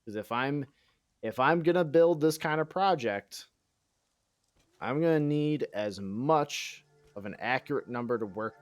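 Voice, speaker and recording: A man chatting casually while streaming a game, sarcastic and mock-boastful, swearing and thinking aloud. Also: medium pitch. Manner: sarcastic mock-bragging, self-deprecating. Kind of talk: casual live-stream chat while gaming.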